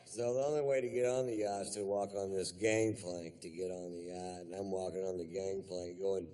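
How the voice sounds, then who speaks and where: Man doing stand-up, lowish voice, laid-back, swears a lot, rambling storytelling. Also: steady tone, normal speed, dark tone, clean tone. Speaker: stand-up comedian.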